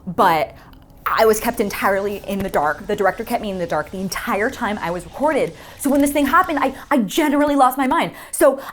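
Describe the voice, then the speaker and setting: A young woman, a voice actor, chatting casually in an interview, gushing and excitable, her voice leaping high when she gets worked up. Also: a little fast, a little hiss or hum. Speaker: voice actor guest. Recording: faint music underneath.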